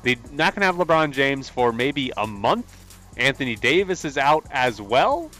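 A man's voice: medium pitch, very animated, normal speed, sharp tone, soft background music. A man analyzing basketball on a sports talk show, explaining plays casually. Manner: explains plays conversationally, with fillers. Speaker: sports radio co-host and analyst.

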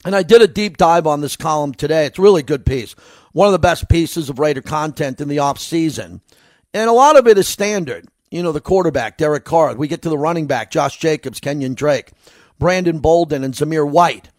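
A man's voice: a little high, animated, brisk, no echo. A man with a New York accent giving a solo sports commentary as host, in a conversational, rambling way.

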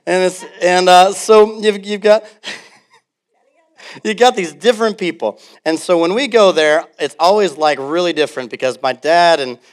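A male pastor preaching a sermon in a church, animated and full of stories. His voice sits a little high for a man, and he slips into acted-out quotes and laughter as he goes. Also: measured pace.

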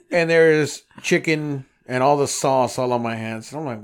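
A man's voice: medium pitch, measured pace, smooth. A man telling a rambling road-trip story in casual podcast chat, swearing freely and acting out the voices of everyone involved. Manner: profane, animated storyteller acting out dialogue.

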